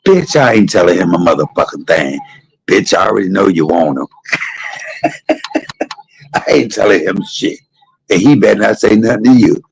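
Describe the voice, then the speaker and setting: A man's voice: low voice, moderate pace, gravelly, pauses often, a little hiss or hum, poor audio. A middle-aged man, telling candid, salty stories to a live stream audience. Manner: candid, salty, gossipy with animated quoted voices. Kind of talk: casual storytelling to a live audience.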